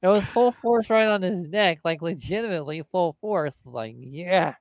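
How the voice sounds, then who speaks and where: High-voiced man chatting, dry sound. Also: normal speed, dry recording. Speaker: podcast co-host. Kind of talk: casual wrestling chat.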